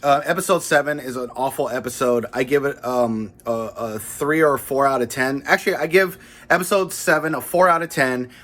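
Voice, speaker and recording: A man's voice: mid-range voice, brisk, a bit bright. A man hosting his own channel, giving a blunt, dismissive and complaining spoken review of a TV episode in a casual, unscripted way. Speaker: host of a pop-culture review channel.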